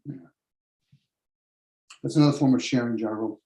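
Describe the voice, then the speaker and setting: A man hosting a podcast gives a blunt, combative rant on philosophical matters, cursing heavily and scoffing at objections he imagines from others. He speaks at a normal speed with a medium-pitched, dark voice.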